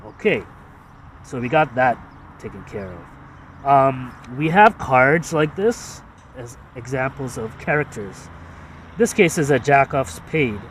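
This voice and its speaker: A man casually explaining his own ads in a halting, repetitive way, full of fillers and restarts. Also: medium pitch, lively intonation, recorded from a distance, a little hiss or hum.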